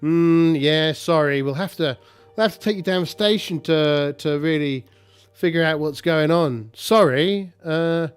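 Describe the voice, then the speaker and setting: A man's voice: a little high, a little slow, smooth, soft background music, voice pushed up, natural voice. A man voicing a falsely apologetic male police officer in a solo tabletop game, speaking in a breezy, fake-polite way. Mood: mock-apologetic.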